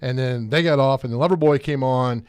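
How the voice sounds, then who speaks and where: A man's voice: mid-range voice, brisk, clean tone, no room sound, studio quality. A man hosting a sports radio show, telling stories in casual chat with enthusiasm and frequent laughter. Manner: enthusiastic storyteller, laughs often. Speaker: radio host. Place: radio studio.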